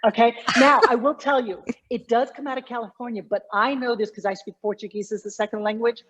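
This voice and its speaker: A woman communication coach explaining speech habits in an interview, emphatic and lively. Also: fairly high pitch, fairly quick, breathy edge, muffled recording. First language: English. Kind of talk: conversational interview.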